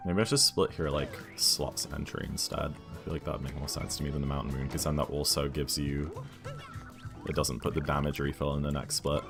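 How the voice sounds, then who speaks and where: A man's voice: rumbling low, flat delivery, brisk, creaky, music in the background. A British man streaming a video game, chatting casually and thinking aloud while answering viewers' questions. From United Kingdom.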